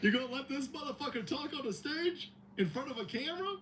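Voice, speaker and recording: A male livestream host, mocking and swearing through a comedic rant, with a high, lively voice that jumps around. Faint hiss sits underneath. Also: fast talker. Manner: mocking, heavy swearing, animated.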